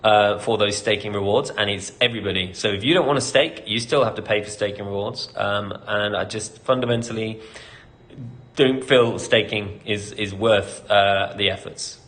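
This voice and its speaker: A man's voice: fairly low pitch, normal speed, a bit bright. A British man, a company CEO, hosting a casual live Q&A, reading out questions and answering candidly with lots of ums and light laughter.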